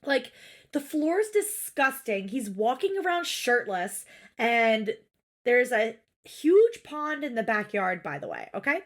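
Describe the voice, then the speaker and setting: A woman's voice: on the high side, unhurried. A woman co-hosting a podcast, recapping a reality show in casual, exasperated chat and swearing freely. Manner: animated, exasperated, swears freely, acts out quotes. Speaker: podcast co-host.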